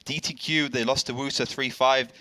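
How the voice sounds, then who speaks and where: A man co-casting a tank game match in a studio, giving relaxed, chatty analysis with some fillers. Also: mid-range voice, normal speed, no echo. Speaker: esports co-caster. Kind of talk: casual esports commentary.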